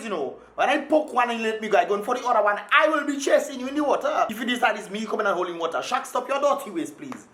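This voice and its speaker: A man's voice: high-pitched, a bit bright, roomy sound. A man from Dominica, doing hype-filled casual vlog commentary with laughing asides. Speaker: vlogger.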